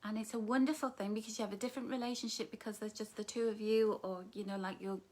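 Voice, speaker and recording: A woman's voice: mid-range voice, steady tone, fast talker. A middle-aged woman, chatting on a live stream and reading viewers' comments aloud, calling them darling and my love. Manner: warm, affectionate, calls viewers darling and my love. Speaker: author hosting a live book launch.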